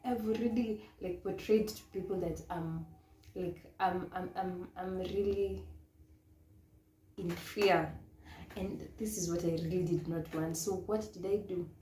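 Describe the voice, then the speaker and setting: A woman's voice: fairly low pitch, fairly even intonation, measured pace, warm tone. A woman with a Kenyan accent, a pageant model coach, telling a story casually and laughing often, switching into Swahili now and then. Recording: echoey room with faint noise.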